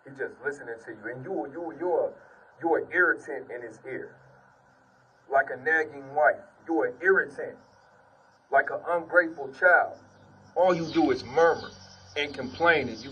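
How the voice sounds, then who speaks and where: A man's voice: mid-range voice, sharp tone, distant mic, a little hiss or hum, rough recording. A man giving an informal sermon and testimony, reading scripture and preaching earnestly, repeating "man" often while sitting on the ground. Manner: earnest, repetitive, peppers speech with "man".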